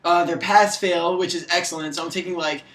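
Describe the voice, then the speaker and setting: A man's voice: high voice, fairly even intonation, a little fast, fairly bright tone, a little hiss or hum. A young man in casual chat, filming a student video, rambling along with lots of fillers. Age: young adult. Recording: echoey room.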